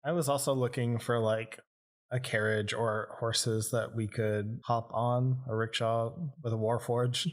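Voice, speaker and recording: A man's voice: mid-range voice, level tone, a little slow. A man playing a tabletop game, joking in a casual way. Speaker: player.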